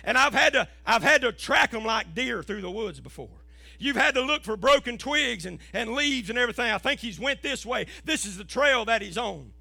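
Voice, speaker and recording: Pastor guy preaching hard, gravelly voice, dry close sound, gets shouty. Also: very high voice, animated, moderate pace, no room sound. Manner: impassioned preaching, rising to shouts. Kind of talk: sermon.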